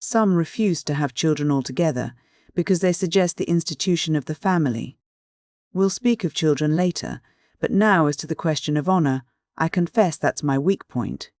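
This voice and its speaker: A man voicing an earnest, excitable young idealist who speaks eagerly and preachily, in an audiobook. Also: a little high, moderate pace, no echo, studio quality, natural voice.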